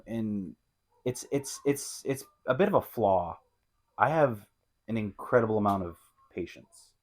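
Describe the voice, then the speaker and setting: Casting note: thirties man with a low voice, easygoing co-host who trails and restarts. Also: animated, unhurried. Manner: laid-back, repeats himself, laughs easily. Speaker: podcast co-host. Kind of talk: casual chat.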